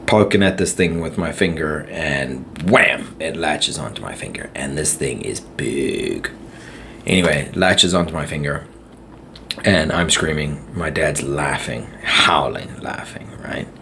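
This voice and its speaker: Deep-voiced man rambling through a podcast. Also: animated, a little slow, creaky, bright, forceful tone, a little hiss or hum. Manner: rambling, chatty, laughs at his own stories. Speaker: podcast host. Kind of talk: casual solo podcast storytelling.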